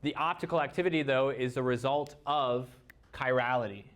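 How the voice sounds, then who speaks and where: A man's voice: mid-range voice, normal speed, a bit bright. A man with a Midwestern American accent leads a classroom review session. He walks through each idea patiently, leaning on homely comparisons. He keeps turning questions back to the students. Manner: explains step by step with everyday analogies, quizzes students. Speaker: chemistry teacher.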